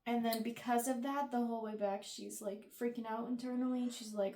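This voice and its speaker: A young woman with a fairly high voice retells a story in a relaxed book chat. She drops dry, teasing asides. The room has a noticeable echo. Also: normal speed, hardly any pauses. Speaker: book review co-host. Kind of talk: casual chat. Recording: echoey room.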